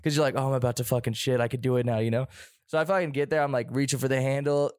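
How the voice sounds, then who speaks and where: A young man telling a story in casual chat, animated, laughing often and swearing heavily. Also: medium pitch, racing, clear, resonant tone, no room sound, clean studio sound.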